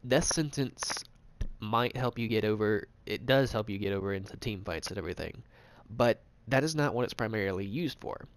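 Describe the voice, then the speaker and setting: A man casually narrating a game tutorial, rambling and swearing, with frequent restarts. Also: on the low side. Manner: rambling, profane, fast talk with restarts. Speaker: gaming channel host.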